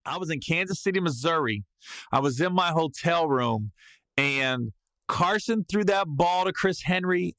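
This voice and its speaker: A man hosting a podcast, telling a comedic story in a lively way and breaking into loud yelled reenactments. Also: a little high, dry recording. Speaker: podcast host.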